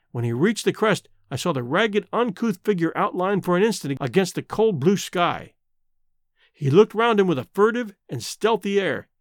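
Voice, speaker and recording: A man narrating a novel as an audiobook, in a measured, expressive storytelling manner. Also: high-pitched, no echo, clean studio sound. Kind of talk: scripted narration.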